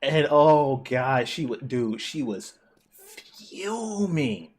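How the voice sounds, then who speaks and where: A man streaming a co-op game, telling a school story in animated, profane casual chat with frequent laughs. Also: mid-range voice, extremely slow. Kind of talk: casual chat while gaming.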